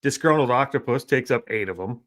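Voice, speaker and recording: Male podcast co-host, wry quick jokes, ordinary mid-range voice. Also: medium pitch, lively intonation, a bit bright. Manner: dry, joking quips. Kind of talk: casual chat.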